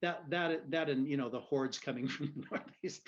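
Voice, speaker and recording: A man telling a story in a casual interview, animated and quick to laugh. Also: on the high side. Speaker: physician guest.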